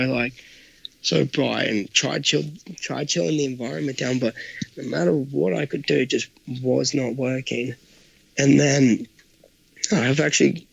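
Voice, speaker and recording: A man's voice: medium pitch, gravelly, fairly bright tone, no room sound, dull audio. A young man telling a rambling, swear-heavy story in a casual, slangy way. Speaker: podcast guest telling a story.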